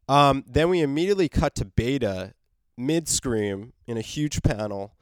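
A man's voice: medium pitch, lively intonation, measured pace, no echo, studio quality. Rambling man reviewing a comic. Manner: rambling, with many fillers and restarts, chuckling. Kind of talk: casual comic book review.

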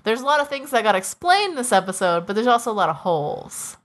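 A woman's voice: on the high side, very animated, fast talker, a bit bright. A woman co-hosting a casual podcast, recapping episodes and skeptically picking apart plot holes. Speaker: podcast co-host.

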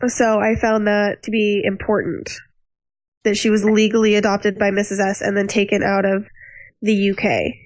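A woman hosting a casual discussion of a TV show, chatty and animated as she tells stories. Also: medium pitch, moderate pace, no echo, poor audio. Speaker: podcast host.

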